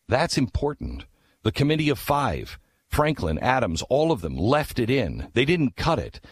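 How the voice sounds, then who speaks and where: A man telling a history story with passion, asking rhetorical questions and dropping low for asides before pushing his voice up for key points. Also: wildly swooping pitch, normal speed, husky. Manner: emphatic, rhetorical questions, swings between low hushed asides and raised urgent lines. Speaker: speaker on history. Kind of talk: impassioned storytelling talk.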